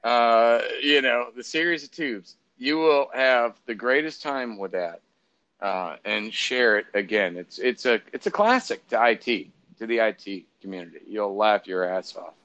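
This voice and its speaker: A man's voice: mid-range voice, lively intonation, measured pace, fairly bright tone, highs cut off. A man co-hosting a casual political chat, rambling and sarcastic, swearing freely, with lots of fillers and restarts. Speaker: podcast co-host.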